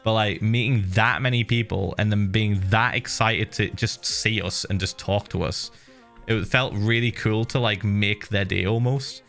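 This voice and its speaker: A middle-aged man streaming, casually telling viewers a story with lively laughs and the odd swear. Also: lowish voice, a little slow, vocal fry, soft background music.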